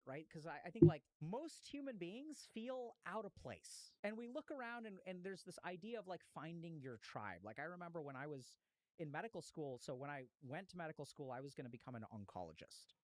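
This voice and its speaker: A man, a psychiatrist, telling a story in a casual, animated way, with slang and swearing. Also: on the high side, a little fast, no room sound, rough recording.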